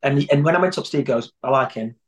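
A man's voice: mid-range voice, quick pace. A man telling long anecdotes in a rambling, conversational way as an interview guest. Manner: rambling storyteller, many restarts.

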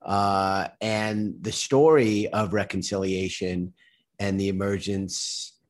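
A male interviewer with a very deep voice. He speaks slowly and haltingly, searching for words as he frames a question. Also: steady tone. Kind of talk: conversational interview.

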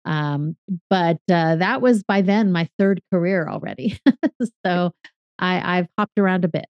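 A woman in her fifties from California answers interview questions in a lowish voice, thinking aloud and laying out her ideas step by step. The recording is dull and very dry, with no room sound. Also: no echo. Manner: reflective, with fillers and a measured, explanatory pace. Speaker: podcaster and strategic consultant, guest.

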